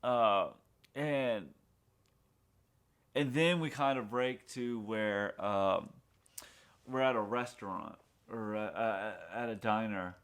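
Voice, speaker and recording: A man's voice: lowish voice, takes it slowly, long pauses, a bit bright, clean tone. A man casually recapping a TV pilot, rambling with fillers and acting out bits of dialogue. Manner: rambling retelling full of fillers, acting out lines from the show. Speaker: podcast co-host reviewing a TV pilot. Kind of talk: casual chat.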